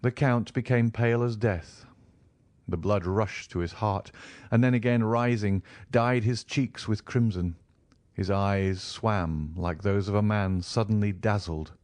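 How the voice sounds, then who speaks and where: This is scripted audiobook narration of a classic novel by a man whose voice sits on the low side. His delivery stays even and measured, and the recording is dry.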